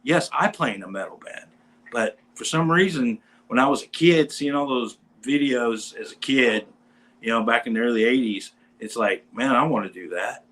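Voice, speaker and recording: A man with a middle-pitched voice tells a long rock-and-roll anecdote in a relaxed, rambling chat. He is animated and jumps between his own words and the voices of the people in his story. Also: moderate pace, poor audio. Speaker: podcast host; bass player in a metal band.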